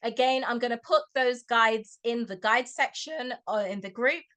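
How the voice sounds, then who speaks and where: Chatty woman tutor, high voice. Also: normal speed, fairly bright tone. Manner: chatty, checks in with "okay?" often. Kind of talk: webinar talk to parents.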